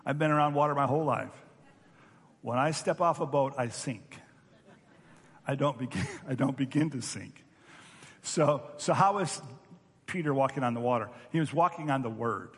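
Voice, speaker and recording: A man's voice: mid-range voice, moderate pace, long pauses, fairly bright tone, slightly rough, long reverb tail. A man preaching a sermon as pastor, telling stories animatedly and acting out voices.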